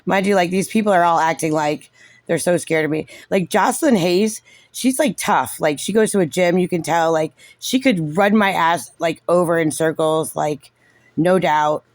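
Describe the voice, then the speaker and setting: A man's voice: a little high, moderate pace, no echo. A man giving casual, sarcastic and frustrated reaction commentary on a recorded meeting, saying "like" constantly. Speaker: parent reviewing a recorded meeting.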